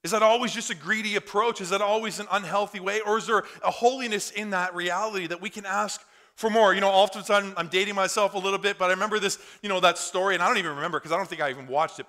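Man, pastor, high and bright voice, fervent conversational sermon in church. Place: church in front of a congregation.

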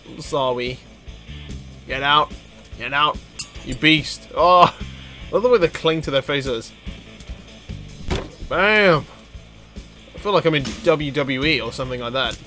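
A young man talks through his game at an easy, unhurried pace, his voice bright and forceful. He swears freely and jumps into sudden high-pitched yelps and laughs when something happens on screen. Faint game music plays under him. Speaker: let's play gamer. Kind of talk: gameplay commentary.

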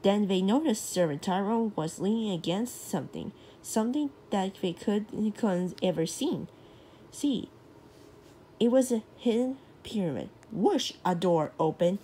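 A woman reading a children's storybook aloud, halting and restarting as she reads. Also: medium pitch, lively intonation, dark tone, slight background noise. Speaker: storybook reader.

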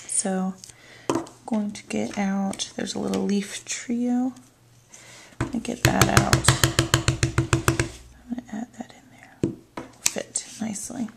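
Woman crafting instructor, unhurried, gravelly voice, calm step-by-step delivery. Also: medium pitch, very noisy. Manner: calm, narrating her hands-on work. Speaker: card-making demonstrator.

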